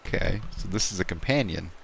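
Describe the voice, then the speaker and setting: A man with a very low, deep voice reads a story game's text aloud for a live stream, relaxed and easygoing. He drops into casual comments of his own between passages, with a faint hum of room noise behind him. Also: fairly quick, creaky. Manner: relaxed reading with casual asides and laughs.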